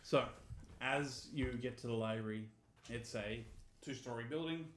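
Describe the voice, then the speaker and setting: A man's voice: mid-range voice, unhurried, reverberant, slight background noise. A middle-aged man narrating a tabletop game as game master, with playful banter. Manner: laughs often, playful banter.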